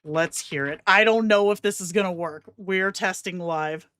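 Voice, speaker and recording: A woman's voice: lowish voice, moderate pace, fairly bright tone, clean tone, no room sound. A woman hosting a casual live stream, giggly and enthusiastic as she talks to her viewers.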